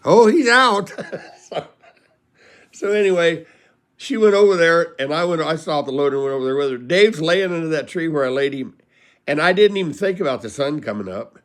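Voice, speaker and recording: A man's voice: a little high, a little fast. Folksy rambling male storyteller. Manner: folksy, rambling, laughs at his own stories. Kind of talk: casual personal storytelling.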